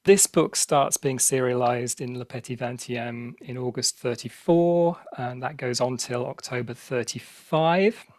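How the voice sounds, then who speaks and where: A man's voice: medium pitch, a little slow, hardly any pauses, no room sound. Chatty man giving background, dry sound. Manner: explains at length with many ums and restarts. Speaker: podcast co-host. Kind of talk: casual podcast discussion.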